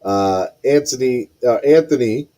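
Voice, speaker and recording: A man hosting a live podcast stream, excitedly reading out chat messages and repeating himself. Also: medium pitch, measured pace. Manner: excitable, repeats phrases, reads chat aloud. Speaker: podcast host.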